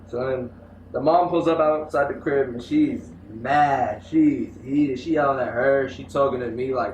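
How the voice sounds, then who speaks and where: A man's voice: mid-range voice, moderate pace. A young man tells stories in a loose, slangy way, full of energy. His voice sits in the middle of the male range. It comes from a distance in an echoey room with a faint hiss behind it. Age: young adult. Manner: animated slangy storytelling. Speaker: interviewee. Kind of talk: casual storytelling. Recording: echoey room, mic from far off.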